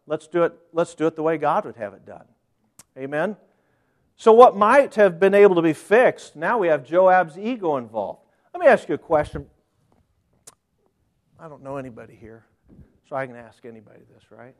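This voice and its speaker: A man preaching a sermon in a church, fervent and dramatic, with sudden loud bursts when he quotes scripture. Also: on the high side. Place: church sanctuary.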